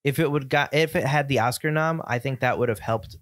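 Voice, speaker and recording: A man's voice: medium pitch, a little fast, dry recording, studio quality. Opinionated man from upstate New York. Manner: opinionated, animated, slips into mock voices. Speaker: podcast co-host. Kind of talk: casual film discussion.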